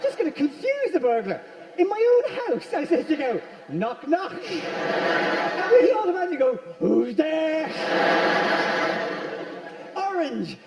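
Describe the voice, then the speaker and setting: A man doing a stand-up routine, riffing quickly with the crowd in a large venue. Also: very high voice. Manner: rapid, animated, riffing with the crowd. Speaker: stand-up comedian. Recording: echoey hall from far off.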